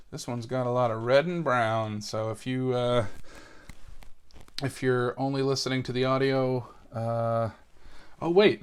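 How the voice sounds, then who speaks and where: A young man from New England hosting a casual solo episode, chatting and rambling with lots of fillers while he builds a Lego set. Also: medium pitch. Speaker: podcast host.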